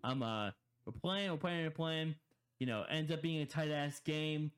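A man's voice: on the high side, steady tone, moderate pace, clear, resonant tone. A young man co-hosting a casual podcast, telling a story in a rambling way with many repeated words and laughs. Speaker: podcast co-host.

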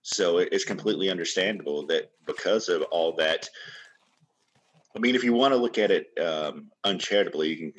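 A man co-hosting a podcast, talking in a laid-back, measured way. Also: sits low. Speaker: podcast co-host. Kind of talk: casual chat.

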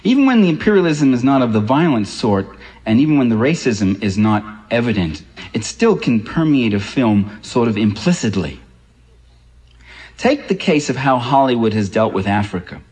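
A man's voice: medium pitch, big pitch swings, normal speed, darkish tone, breathy edge, low-quality recording. A man giving a public lecture in an impassioned, ironic way, building emphasis on key points.

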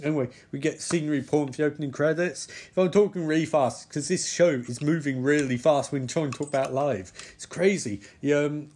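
A man's voice: a little high, fairly quick, few pauses, a little mellow, slight background noise. A man giving a rambling, sweary, sarcastic live recap of a TV episode, often forgetting character names. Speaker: TV episode reviewer. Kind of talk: casual live-watch commentary.

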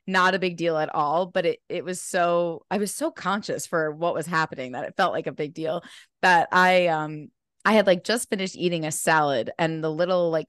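A woman talks as a guest on a podcast, explaining ideas earnestly and with lively energy. Her voice sits on the low side and is full of casual filler words. The sound is dry with little room tone. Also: smooth, no echo. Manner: earnest and animated, many "like" fillers. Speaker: podcast guest, mindfulness instructor. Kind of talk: casual conversational interview.

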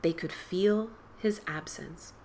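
A woman reads a spooky story aloud in a slightly low voice. She reads with drama, hushing to a whisper at times and lifting her voice for the excited cries. A faint hiss sits under the recording. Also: slow. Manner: dramatic, drops to whispers and lifts for quoted boys' cries. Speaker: podcast host reading a story. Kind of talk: expressive storybook reading.

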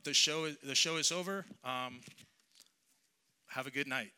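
A man voicing a calm, firm male auctioneer who makes matter-of-fact announcements. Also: mid-range voice, unhurried, clean tone. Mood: announcing.

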